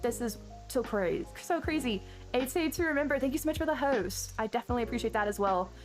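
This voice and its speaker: A slightly high-voiced woman streamer gushes her thanks to viewers in loose, rambling live-stream chat, tripping over her words and restarting sentences. Lo-fi background music plays clearly under her voice throughout. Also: expressive, fast talker. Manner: gushing, effusive, rambling with many restarts.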